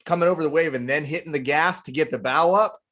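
A man hosting a casual chat, telling stories in an animated way and often saying "dude". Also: on the high side, fast talker. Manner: animated, says "dude" a lot. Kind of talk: casual storytelling.

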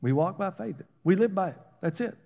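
High-voiced man preaching with fervor. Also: animated, brisk, creaky. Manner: call-and-response, rising to shouted emphasis; conversational, folksy preaching with laughs. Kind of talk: sermon.

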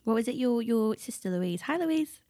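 A woman in her thirties co-hosting a podcast, chatting in a relaxed, reflective way. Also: a little high, moderate pace, no room sound. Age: 30s. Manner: reflective and relaxed, with a lot of fillers. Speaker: podcast co-host. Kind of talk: casual chat.

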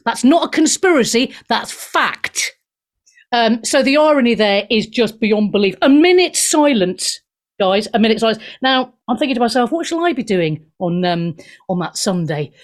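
A middle-aged woman from Wales hosting a talk radio show, sarcastic, profane and animated as she rants into a studio mic. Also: a little high, moderate pace.

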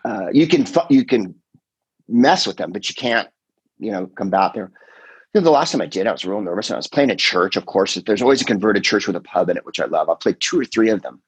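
A middle-aged man, a comedian and podcast host, chatting casually in a rambling, animated way, full of quoted voices and swearing. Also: fairly low pitch, fast talker, breathy edge, no echo, rough recording. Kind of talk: casual chat.

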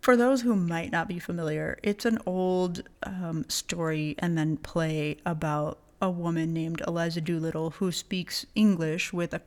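A woman's voice: fairly low pitch, fairly even intonation, unhurried, hardly any pauses, darkish tone. An American woman co-hosting a podcast, telling stories in casual chat with a slight lisp. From United States. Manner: storytelling, emphatic. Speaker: podcast co-host.

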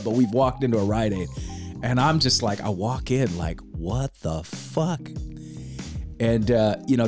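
A man telling a story in casual podcast chat, acting out quoted lines and swearing casually. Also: medium pitch. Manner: animated, acts out quoted voices, swears casually.

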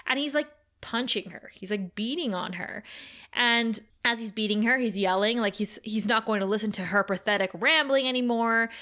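A woman co-hosting a podcast, recapping an episode with animated storytelling. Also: moderate pace. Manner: animated storytelling, quotes characters with raised pitch. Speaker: podcast co-host. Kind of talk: casual recap chat.

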